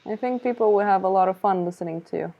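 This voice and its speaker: A woman's voice: mid-range voice, fast, phone-quality sound. A woman hosting an art stream who chats casually and easily while she draws, and makes light of herself. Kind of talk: casual chat while drawing.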